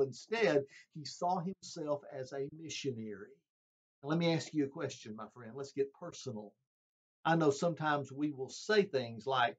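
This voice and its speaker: A man's voice: on the high side, expressive, normal speed. A male preacher delivering a sermon in an earnest, emphatic way, addressing his listeners as friends. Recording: dull lo-fi sound.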